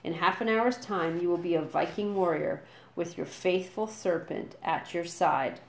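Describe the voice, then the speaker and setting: A woman voicing a loud, bossy, burly Viking trainer who shouts his orders briskly. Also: fairly low pitch, vocal fry. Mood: booming. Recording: roomy echo.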